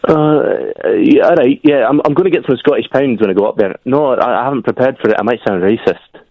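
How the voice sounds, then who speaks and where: A male caller on a radio phone-in, telling a rambling, animated story. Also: mid-range voice, brisk, dry recording. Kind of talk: phone-in chat. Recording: dull phone line.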